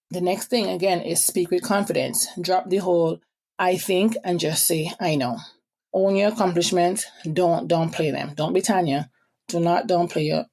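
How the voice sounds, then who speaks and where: A young woman from the Caribbean with a Caribbean accent, hosting a motivational podcast and talking fast with quick asides. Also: on the low side, vocal fry, darkish tone. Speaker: podcast host.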